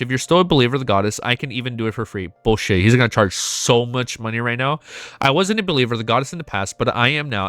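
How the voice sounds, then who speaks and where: A man's voice: mid-range voice, fairly bright tone, no echo. A man with a congested nose reading a webnovel aloud as a reaction streamer, swearing freely and breaking into emotional exclamations.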